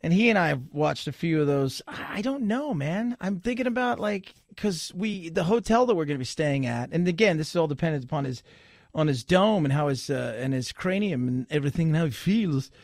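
A middle-aged man hosts a radio talk show in a casual monologue, joking and sarcastic. His voice sits high and swings widely in pitch. It is recorded close and dry on a studio microphone. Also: a little fast, no echo. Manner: animated, joking, sarcastic asides.

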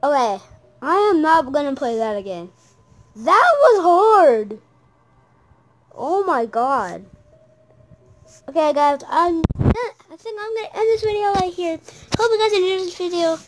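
A woman giving jumpy, exclaiming commentary while playing a horror game, often yelling at the characters. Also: extremely high pitch, expressive, a little slow, pauses often, a little hiss or hum, poor audio. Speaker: gamer.

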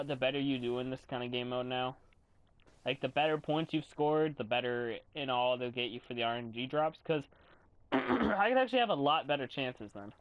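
A young man giving casual commentary while playing a video game, swearing and yelling in frustration. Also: fairly high pitch, dry recording. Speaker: gamer commentator.

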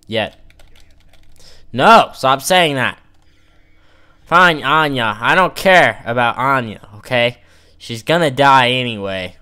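A man chats loosely over his gameplay, teasing the characters on screen and joking to his viewers. His voice is smooth and clear, with a lively, swinging pitch, and he takes his time between lines. Keyboard typing can be heard faintly behind him. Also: slow, long pauses. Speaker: gamer playing an online role-playing game. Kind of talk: casual let's-play commentary.

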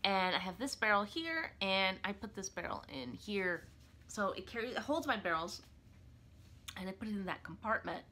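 A woman's voice: medium pitch, lively intonation, moderate pace, pushed and bright. Chatty young woman, casual vlog. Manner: chatty, many fillers and restarts. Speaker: clarinetist showing her gig bag. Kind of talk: casual show-and-tell vlog. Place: apartment.

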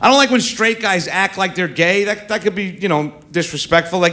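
A man's voice: high voice, fairly quick, pushed and bright. A middle-aged man doing a stand-up comedy set on a club stage, brash and profane, baiting the crowd into a handheld mic.

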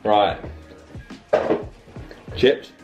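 A man's voice: drawn-out words, highs cut off, over music. A young man from England with a British accent, chatting casually to camera as a vlogger, filling his talk with "like". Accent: British English. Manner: chatty, uses "like" and "mate" a lot.

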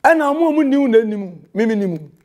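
A man's voice: very high-pitched, expressive, normal speed, darkish tone. A Ghanaian man, a pastor, delivering a heated and confrontational rebuttal that scolds a rival and mixes in English phrases.

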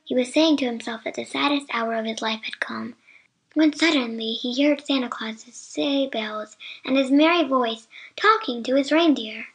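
Woman narrator, high voice, measured, scripted storybook reading.

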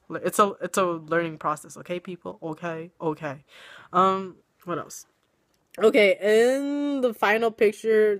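A woman's voice: medium pitch, fairly bright tone. Chatty young woman with a sick voice. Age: young adult. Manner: chatty, self-mocking, giggly. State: sick, voice coming and going. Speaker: vlogger. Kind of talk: casual vlog chat. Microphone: webcam or phone camera.

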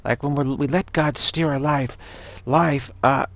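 A man giving a casual personal testimony, halting often and repeating words as he goes. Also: mid-range voice, steady tone, fairly bright tone, no room sound.

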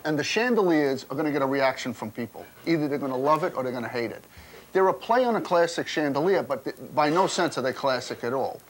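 A man's voice: fairly high pitch, expressive, quick pace, slight background noise, rough recording. A man, a chef, chatting and joking as he cooks in a restaurant kitchen, often tagging his sentences with "okay?". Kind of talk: casual chat while cooking.

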